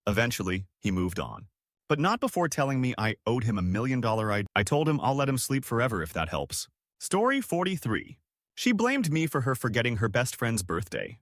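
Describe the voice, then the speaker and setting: A male narrator reads short stories aloud in a wry, storytelling way. His pitch rises and falls freely, and the sound is dry and close, with no room around it. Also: big pitch swings, normal speed, dry recording. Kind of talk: scripted narration of reader stories.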